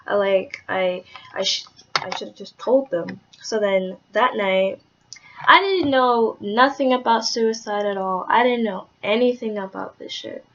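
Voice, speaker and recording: A young woman talking candidly in a personal vlog, rambling with lots of "like"s and swearing, soft-spoken with hesitant restarts. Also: medium pitch, a little slow, a little hiss or hum. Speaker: vlogger. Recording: dull lo-fi audio.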